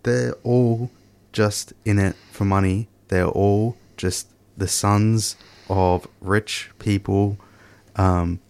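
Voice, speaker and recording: Young Australian man, very deep, gravelly, agreeable conversational partner. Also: steady tone, darkish tone. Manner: agreeable, quick bursts, frequent "yeah". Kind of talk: casual political conversation.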